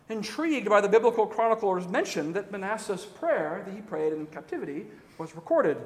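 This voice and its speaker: A man preaching a sermon as rector, with an earnest rising and falling cadence and a slow, solemn way of reading a prayer aloud. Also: sits high. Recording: long hall reverb.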